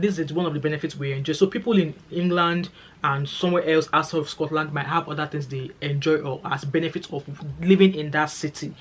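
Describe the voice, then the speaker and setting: A woman with a Nigerian accent, vlogging in a chatty, emphatic way, repeating phrases for stress and speaking straight to her viewers. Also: low-pitched. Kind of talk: casual talking-to-camera vlog.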